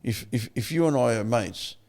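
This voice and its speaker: An older man with an Australian accent, a podcast guest telling his story candidly, blunt and quick to swear. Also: mid-range voice. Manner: blunt, swears freely, animated retelling.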